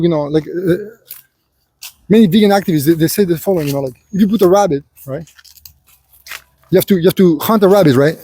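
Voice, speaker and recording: Rambling, preachy man with a husky voice. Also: sits high, dark tone. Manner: rambling, heavy with filler phrases; preachy, lecturing the listener as "son". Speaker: vlogger. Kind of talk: unscripted personal monologue.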